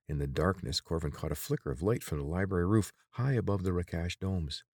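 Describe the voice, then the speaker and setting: A man narrating an audiobook in a steady, even storytelling manner. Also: very deep voice, fairly quick, few pauses, slightly rough, no room sound, studio quality.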